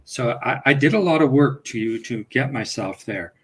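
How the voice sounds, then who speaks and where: A middle-aged man, a guest family coach, speaking calmly and reflectively in a casual talk-show conversation. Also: medium pitch, normal speed, husky, poor audio.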